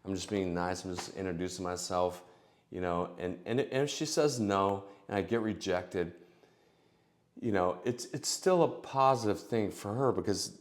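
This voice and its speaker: A man's voice: deep voice, normal speed. Rambling middle-aged man giving dating tips. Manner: rambling, filler-heavy, acts out both sides of conversations. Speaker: dating advice vlogger. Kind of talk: casual advice monologue.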